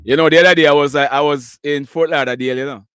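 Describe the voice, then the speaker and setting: A man's voice: fairly high pitch, fairly even intonation, fast, a bit bright, clear, resonant tone, no room sound, studio quality. A Jamaican man hosting a live call-in news show, chatting in a mix of patois and English and laughing often. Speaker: live news show host taking callers. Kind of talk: casual call-in chat.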